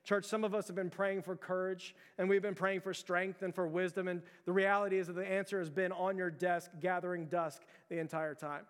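A man's voice: sits high, little pitch movement, a little fast, hardly any pauses, clean tone. A man preaching a sermon as pastor, earnest, often restarting his words and calling out to the church. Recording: long hall reverb.

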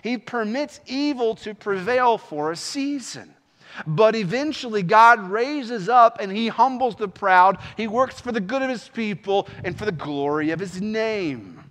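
A man's voice: high-pitched, animated, a little slow, a bit bright, in a large hall. A man preaching an earnest sermon as pastor, rising into impassioned pleas.

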